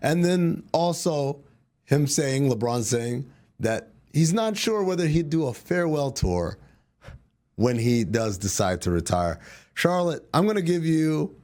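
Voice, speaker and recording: Guy co-hosting a hoops show, slightly higher voice, jokey, laughs a lot. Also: big pitch swings, a little slow, a little mellow. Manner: laughs often, teasing. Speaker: sports show co-host. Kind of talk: casual chat.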